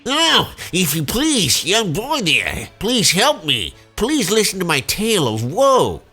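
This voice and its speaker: A man's voice: high-pitched, huge pitch swings, slow pace, sharp tone, slightly rough, soft background music, pitched above the performer's own voice, exaggerated voice. A man voicing a woeful old father who melodramatically begs for help while playing a video game. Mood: pleading. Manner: melodramatic and wailing. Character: woeful old father pleading for his kidnapped daughter. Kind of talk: let's play voicing game dialogue.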